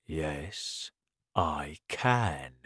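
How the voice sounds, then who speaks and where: A woman voicing a greedy, sly male crocodile in a children's story, slow and drawn out. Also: very deep voice, huge pitch swings, no room sound, clean studio sound, full character voice.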